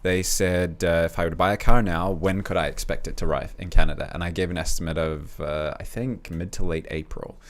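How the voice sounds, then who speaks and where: A man co-hosting a car-export live stream, explaining shipping news in a steady, reassuring way. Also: low-pitched, a little fast, few pauses.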